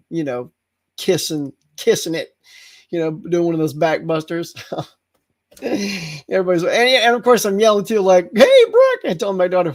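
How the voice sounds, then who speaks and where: A middle-aged man hosting a casual livestream chat, telling stories with lots of laughter and acted-out yells. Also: high voice. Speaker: host.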